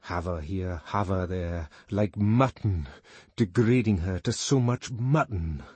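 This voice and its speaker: A man's voice: sits low, slow, darkish tone, slightly rough, no room sound, exaggerated voice. A man voicing a bitter, jealous young outsider in an audiobook, muttering resentfully.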